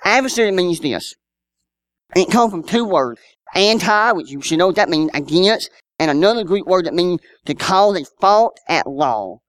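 A man's voice: high-pitched, lively intonation, normal speed, fairly bright tone, no room sound. Guy preaching, talks to the crowd with lots of questions and little stories, dry close sound. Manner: conversational preaching with rhetorical questions and personal anecdotes. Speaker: pastor. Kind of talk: sermon.

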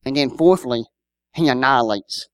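A man's voice: mid-range voice, normal speed, smooth, no echo. A man, preaching a sermon in a conversational style with rhetorical questions and personal stories. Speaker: pastor.

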